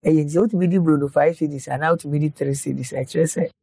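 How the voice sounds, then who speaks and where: A man's voice: fairly high pitch, fairly even intonation, fast talker, vocal fry, warm tone, husky, no room sound. A man explaining health matters in casual chat, with many hesitant restarts.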